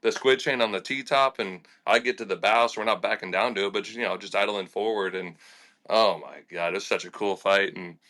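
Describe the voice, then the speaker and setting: A young adult man, a fishing charter captain telling animated stories in a casual podcast interview, laughing and acting out quotes. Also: on the low side, a little fast. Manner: animated and laughing, with lots of fillers and acted-out quotes.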